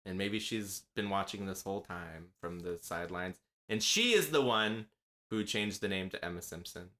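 Young man, bright voice, podcast co-host, casual chat, laughs often. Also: sits low, animated, moderate pace. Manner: laughs often, hesitant with fillers.

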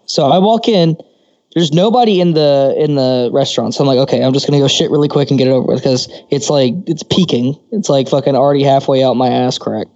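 A man's voice: medium pitch, fast talker, a little mellow, dry recording, highs cut off. A man co-hosting a podcast, telling crude stories casually, swearing freely and laughing often. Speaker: podcast co-host.

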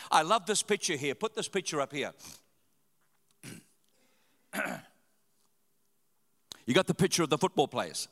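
A male pastor preaching a sermon, telling stories with sudden loud, animated rises. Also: fairly high pitch, unhurried, long pauses. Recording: long hall reverb.

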